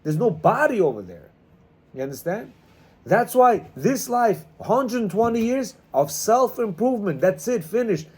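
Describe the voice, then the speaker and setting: Lively male class teacher, high-pitched and husky, preachy and emphatic. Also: a little slow. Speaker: Torah teacher leading a class. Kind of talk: animated class talk. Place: classroom with students.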